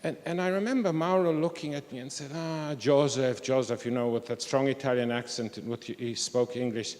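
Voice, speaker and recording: An older man speaks at an academic conference, reflecting candidly on the past. His voice sits at a middle pitch. It carries the long reverb of a large hall. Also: a little mellow.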